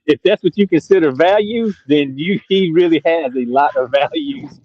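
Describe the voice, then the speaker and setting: A man hosting a fishing channel who gives upbeat shout-outs and laughs often. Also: a little high, big pitch swings, normal speed, slightly rough, no room sound, dull audio. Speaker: host.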